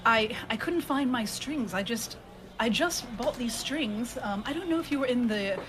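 A woman voicing a flustered, overly polite female street musician in a tabletop role-play, speaking softly and breathily. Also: fairly high pitch, animated, normal speed, noisy background, lightly acted. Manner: feigned fluster, rifling through a bag.

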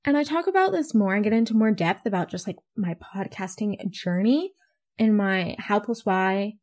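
A teenage girl chatting alone on her podcast, rambling and bubbly with a self-mocking streak. Her pitch swings widely from line to line. She tosses in casual swearing as she talks. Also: lively intonation, normal speed, darkish tone. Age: teens. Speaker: podcast host. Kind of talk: casual solo podcast chat.

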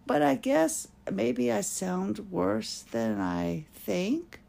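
Slow, gravelly-voiced woman talking personally. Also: mid-range voice, very animated, warm tone. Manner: slow, halting, searching for words. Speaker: podcast host. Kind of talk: personal monologue.

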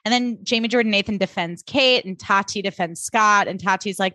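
A woman co-hosting a casual podcast recaps a drama with lively energy. She often slips into exaggerated voices to quote characters. Her voice sits in a middle range and is recorded close and dry. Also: medium pitch, a little fast, dry recording. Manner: animated, acts out characters' lines in funny voices. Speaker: podcast co-host.

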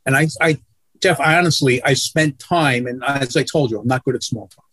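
Blunt, profane sportswriter on a video call. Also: male voice, mid-range voice, brisk, a bit bright, husky, no room sound. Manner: blunt, profane, self-deprecating. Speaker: guest, sportswriter. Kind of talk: casual interview storytelling.

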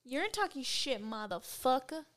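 A woman's voice: high-pitched, sing-song, measured pace, fairly bright tone. A young woman guesting on a podcast, joking around and laughing while she chats casually with her best friend. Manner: laughing, joking, bilingual banter. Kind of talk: casual chat.

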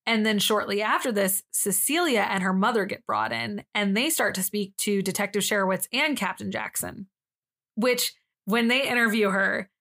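A young woman co-hosting a podcast, casually walking through a crime case. She is dry and sarcastic and slips into little voices for the people in it. Her voice sits at a middling pitch. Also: expressive, moderate pace, a bit bright. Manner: sarcastic, acts out quotes in different voices. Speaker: podcast co-host. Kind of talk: casual true-crime storytelling.

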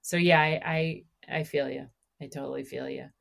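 Middle-aged woman podcast host, low voice, lively anecdote-telling. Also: moderate pace, vocal fry. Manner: animated storyteller, acts out quoted dialogue. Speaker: podcast host asking questions. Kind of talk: casual conversation.

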